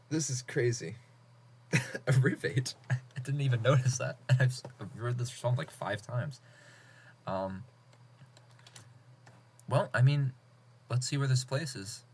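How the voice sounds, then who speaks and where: A man's voice: on the low side, husky. A man hosting a casual online contest stream, reading entries aloud with frequent laughs and casual swearing. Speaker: host of an online writing contest.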